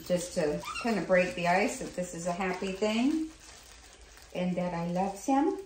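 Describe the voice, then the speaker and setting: A woman's voice: lowish voice, measured pace, a little mellow. A woman dog groomer talking casually through a grooming session, switching to coaxing sing-song baby talk with the dog. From United States. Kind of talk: casual instructional narration. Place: grooming salon. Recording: echoey room with clipper noise.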